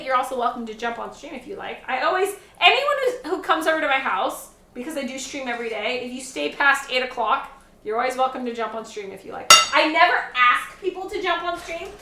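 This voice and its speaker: High, bright-voiced woman streamer. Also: slight background noise. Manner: chatty, rambling, swears freely, talks to her chat. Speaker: live streamer and mother. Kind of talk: casual chat while cooking on stream. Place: home kitchen. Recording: echoey room.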